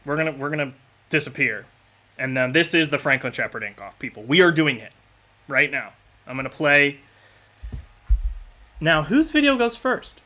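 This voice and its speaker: A man's voice: a little high, lively intonation, moderate pace, long pauses, bright, forceful tone. A man hosting a live stream, chatting casually in an upbeat, slightly scattered way. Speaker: podcast and stream host.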